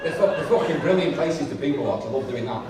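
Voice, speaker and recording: A man's voice: fairly high pitch, animated, fast, distant mic, a crowd in the background. Self-mocking young man doing stand-up. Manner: chatty, self-mocking, swears freely. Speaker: stand-up comedian. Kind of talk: stand-up comedy set. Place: comedy club with a live audience. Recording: echoey room, mic from afar. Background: audience laughter.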